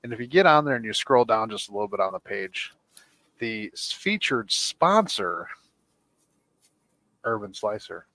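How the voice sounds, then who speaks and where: A man's voice: fairly low pitch, big pitch swings, moderate pace, long pauses, sharp tone, no room sound, rough recording. A man co-hosting a casual live chat, reading out viewer comments in an upbeat, jokey way.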